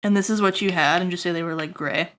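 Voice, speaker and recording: A woman's voice: fairly even intonation, fast talker. A woman streamer giving a casual character design critique, rambling with lots of fillers and checking in with "right?". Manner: jokey asides to chat, bursts high and loud.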